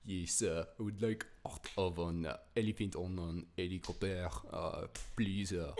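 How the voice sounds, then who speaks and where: A man putting on a comic Frenchman with an exaggerated fake French accent, over-enunciated and halting with uh's. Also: low-pitched, fairly even intonation, a little mellow, slight background noise. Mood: mocking. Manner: mock-enunciated, stumbling with uh's, giggly. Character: comic Frenchman, male adult, over-the-top.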